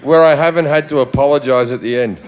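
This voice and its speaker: A male guest comedian trading crude, deadpan punchlines in a live podcast taping. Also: medium pitch, fast, noisy background. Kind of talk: stand-up style comedy banter.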